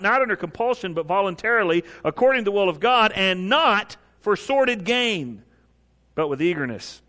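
A man preaching a sermon, retelling Bible stories with lively storytelling and voicing the figures in a lowered tone. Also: big-room sound. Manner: animated storytelling, acting out biblical figures in a lowered voice. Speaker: pastor.

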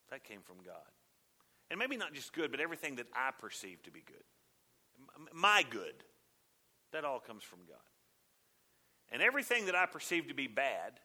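A male pastor preaching a sermon, dropping to hushed asides and rising to loud, insistent emphasis. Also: medium pitch.

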